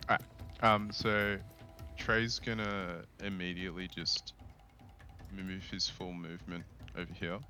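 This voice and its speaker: A man's voice: deep voice, flat delivery, measured pace, bright, forceful tone, faint music behind. A man playing in a tabletop game, casually describing his character's moves. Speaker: player.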